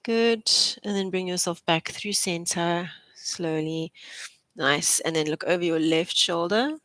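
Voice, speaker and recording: A woman's voice: on the low side, a little slow, fairly bright tone, dry recording. Chatty woman leading an exercise class. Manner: encouraging, chatty, laughs often. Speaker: physiotherapist leading a posture class. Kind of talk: live exercise class instruction.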